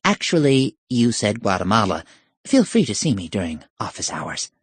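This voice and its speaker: A man doing a deadpan, bored old professor. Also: lowish voice, normal speed, slightly rough, dry recording. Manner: deadpan, dry and unimpressed. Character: bored, unflappable older male professor.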